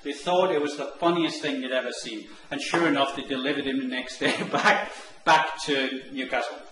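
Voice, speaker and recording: A man telling a long comic anecdote, animated and acting out the characters' lines. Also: moderate pace. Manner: animated, acts out the characters' lines in higher voices. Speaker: online marketing presenter. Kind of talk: storytelling anecdote. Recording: echoey room with faint noise.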